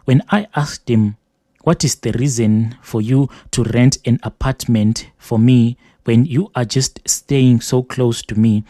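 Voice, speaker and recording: A man hosting a show who reads a listener's letter aloud in a steady, measured first-person delivery. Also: mid-range voice, no echo, clean studio sound. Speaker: host reading listener confessions.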